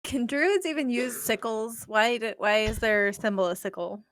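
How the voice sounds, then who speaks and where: A woman's voice: fairly high pitch, a bit bright. A woman giving blunt, sarcastic color commentary as a co-host on a casual tabletop game talk show. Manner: blunt, sarcastic, quick to give verdicts. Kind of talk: casual chat about a tabletop game book.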